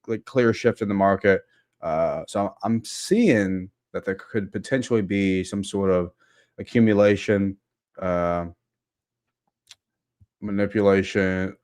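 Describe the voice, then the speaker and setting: A man giving relaxed live commentary on futures charts, with frequent fillers. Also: deep voice, dry recording, clean studio sound. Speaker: futures trader.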